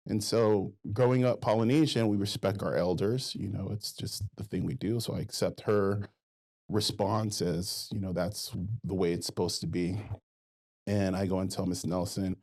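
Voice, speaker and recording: A man's voice: low voice, steady tone, moderate pace, darkish tone. A man as a podcast guest, telling his life story in a reflective, easygoing way. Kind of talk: casual interview storytelling.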